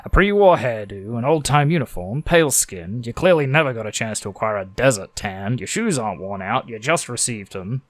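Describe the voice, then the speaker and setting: A man's voice: mid-range voice, lively intonation, brisk, few pauses, dry recording. An Australian man reading a story game's text aloud and making sarcastic jokes between lines. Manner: sarcastic, joking. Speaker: game streamer.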